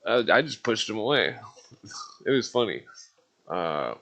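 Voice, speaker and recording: Man, caller, low-pitched voice, casual rambling story, constant swearing, lots of filler words. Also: sing-song, unhurried, gravelly, a bit bright. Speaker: caller on a live call-in stream.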